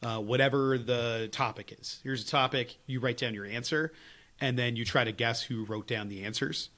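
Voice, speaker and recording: A man co-hosting a podcast, telling stories in casual chat with lots of laughs and lively swings. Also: mid-range voice, moderate pace. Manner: animated, laughing storyteller. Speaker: podcast co-host.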